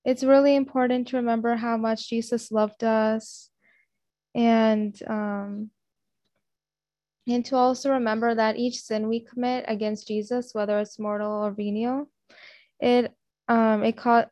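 A woman reflecting on a devotional reading and reading aloud, halting now and then. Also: fairly high pitch, a little mellow, no echo. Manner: halting, with fillers and restarts.

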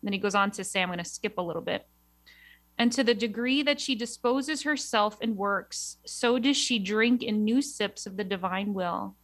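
A woman from New York, a religious sister, chatting with a laugh and then reading aloud in a measured devotional way. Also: mid-range voice, no room sound.

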